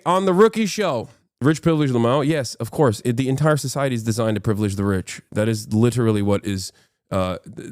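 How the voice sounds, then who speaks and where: A man's voice: mid-range voice, no echo, studio quality. Rambling, profane male streamer commentator. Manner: rambling, profane, frequent restarts. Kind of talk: casual livestream commentary.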